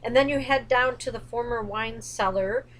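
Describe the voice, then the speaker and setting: A woman's voice: a little high, normal speed, low-quality recording. A woman co-hosting a casual chat about theme park rides, bubbly and tripping over names. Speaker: co-host of a coaster channel. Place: indoors, dim room at home.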